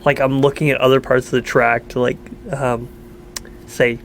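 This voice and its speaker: A man's voice: mid-range voice, level tone, moderate pace, vocal fry, a little hiss or hum. A man co-hosting a podcast, telling stories in casual chat, teasing and laughing often. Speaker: podcast co-host.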